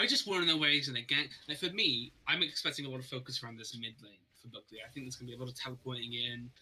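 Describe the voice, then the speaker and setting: A man giving live play-by-play commentary on an esports match, reacting quickly and sometimes repeating words when excited. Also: mid-range voice, poor audio. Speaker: esports caster.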